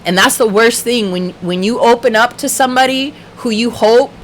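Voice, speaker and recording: Casting: young woman, livestream host, a bit high-pitched, fired-up, swears freely, faint hiss. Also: normal speed, rough recording. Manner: passionate, heavy swearing, laughs often. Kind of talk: casual livestream chat.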